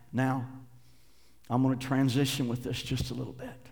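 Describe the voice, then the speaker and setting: A man preaching a sermon, moving between loud, impassioned passages and quiet, hushed readings of scripture. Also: mid-range voice, fairly even intonation, moderate pace, creaky, in a large hall. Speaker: pastor.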